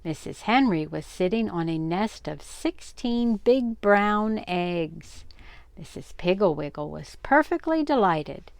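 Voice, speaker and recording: An older woman reading a children's story aloud, gentle and expressive. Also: on the low side, takes it slowly, gravelly, no room sound.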